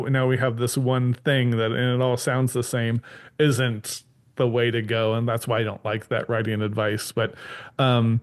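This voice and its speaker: A man hosting a casual podcast conversation about writing, rambling with many restarts and acting out quoted voices. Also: mid-range voice. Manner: acts out quoted voices animatedly. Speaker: podcast host. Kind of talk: casual chat.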